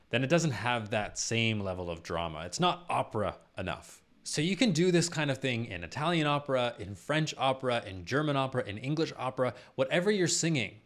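A man with a low voice, a professional singer and vocal coach explaining singing technique step by step in a YouTube lesson. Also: lively intonation, fairly quick, few pauses. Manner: patient step-by-step explaining with sung and spoken demonstrations.

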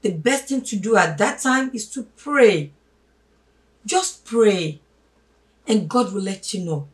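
A woman giving a spoken sermon, emphatic, swinging from loud stresses to hushed asides and calling listeners her brothers and sisters. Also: medium pitch, animated, takes it slowly. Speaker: religious teacher. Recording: voice a little distant from the mic.

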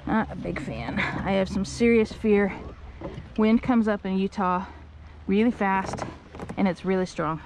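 A woman kayak angler talking to her camera while fishing outdoors on a windy lake, chatty and candid, breaking into excited whoops. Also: medium pitch, unhurried. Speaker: kayak angler filming her tournament day. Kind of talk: casual vlog narration while fishing. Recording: strong outdoor wind noise.

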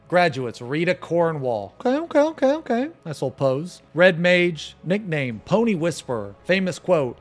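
A male streamer reacting casually on a live stream, reading text aloud, laughing and swearing with sudden excited outbursts. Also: fairly high pitch. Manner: excitable, laughs often, swears, quick exclamations.

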